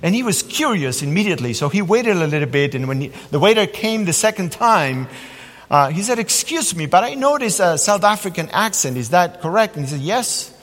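A fairly high-voiced man delivers a sermon, shifting into lively storytelling as he preaches. His voice rings out with a long reverb from a large church hall. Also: a little fast. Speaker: pastor.

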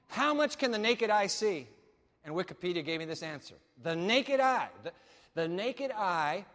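A man preaching a sermon as pastor, animated, swinging from loud declarations to hushed asides. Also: high-pitched, big-room sound.

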